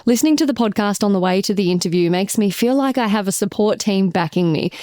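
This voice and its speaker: A woman's voice: medium pitch, lively intonation, fast talker, warm tone, dry recording. Upbeat Australian woman, dry studio sound. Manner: chatty, upbeat, reads listener messages aloud. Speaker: podcast co-host, radio journalist. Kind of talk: casual podcast chat.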